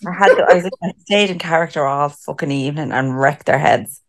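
Low-voiced sweary woman chatting. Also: brisk. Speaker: podcast co-host. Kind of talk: casual chat.

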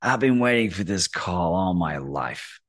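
A middle-aged man, a guest on a podcast, telling a story in a lively way, acting out the people he quotes and often asking "right?". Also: deep voice, measured pace. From Australia. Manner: acts out quoted voices, often asks "right?". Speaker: guest, courage coach. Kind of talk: animated storytelling in a podcast interview.

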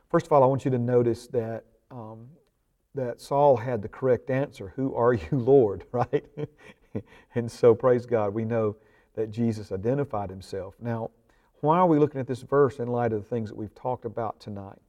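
A man leading a church Bible study, his voice dark and mellow, pitched in an ordinary middle range. He teaches earnestly, peppering his talk with ums and uhs, and swells with emphasis when he reads scripture aloud. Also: moderate pace. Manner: prays aloud. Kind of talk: church discipleship class teaching.

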